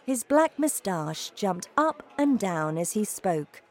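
A woman reading a children's storybook aloud as narrator, with a slow, expressive delivery. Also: mid-range voice. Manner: slow, lively intonation.

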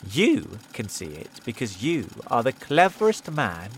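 A man voicing a sly, clever tailor who coaxes and flatters a king in a told story. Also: mid-range voice, unhurried, a little hiss or hum. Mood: coaxing. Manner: coaxing and flattering.

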